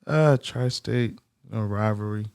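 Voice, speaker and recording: A man co-hosting a casual sports chat, easygoing but quick to argue his picks. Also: lowish voice, gravelly, darkish tone, clean tone, no room sound, clean studio sound. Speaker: co-host.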